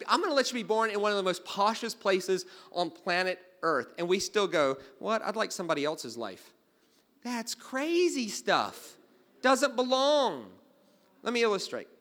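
A man preaching a sermon, telling stories and swinging from quiet asides to loud exclamations. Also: fairly high pitch. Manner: storytelling, jumping from hushed to loud exclaiming. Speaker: pastor.

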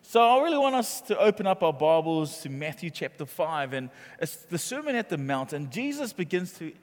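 A man preaching a sermon, calling out to his congregation and growing loud on key points. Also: a little high, big pitch swings, moderate pace. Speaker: pastor. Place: church auditorium. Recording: long reverb from a large hall.

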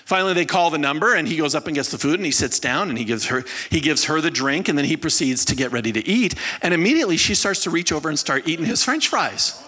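A man preaching a sermon in a bright, forceful voice pitched a little high. He tells stories with energy, acts out the people in them, and calls on his congregation to answer back. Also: fast, few pauses, slightly rough. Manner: animated storyteller, acts out quoted people. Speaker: pastor.

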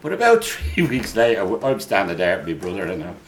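A man's voice: low-pitched, sing-song, a little fast. An older man telling laughing anecdotes in a casual chat. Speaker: guest telling stories.

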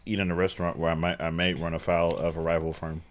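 A man co-hosting a casual movie recap, narrating the plot in a dry, halting way with hesitant restarts. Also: sits low, completely flat delivery. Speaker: podcast co-host.

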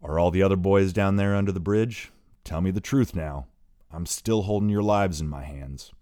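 A cold, controlled gunman, voiced by a man, giving orders in a calm, threatening tone. His voice is very deep and recorded close and dry, audiobook style. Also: normal speed, smooth, no room sound, lightly acted. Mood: stern. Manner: calm, commanding interrogation.

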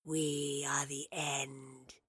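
A woman voicing a hissing, inhuman male wraith creature in an audiobook, speaking low and slow in a menacing whisper. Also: level tone, a bit bright, husky, no room sound, clean studio sound, exaggerated voice.

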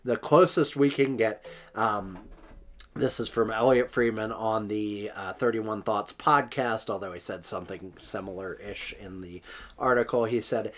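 A man's voice: on the low side, measured pace, a bit bright. Wry man chatting on a podcast. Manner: wry, reads out quotes and laughs at them. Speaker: podcast co-host. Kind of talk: casual chat.

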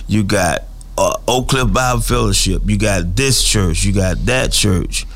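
A man's voice: on the low side, measured pace, fairly bright tone, soft background music. A man, hosting an earnest, conversational chat. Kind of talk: casual chat.

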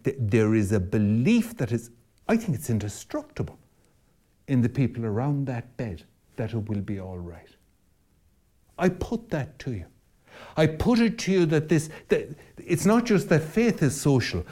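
Impassioned priest, very animated pitch. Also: male voice. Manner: rhetorical, preacherly, repeats phrases for emphasis. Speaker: Catholic priest, podcast host. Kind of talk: impassioned podcast argument.

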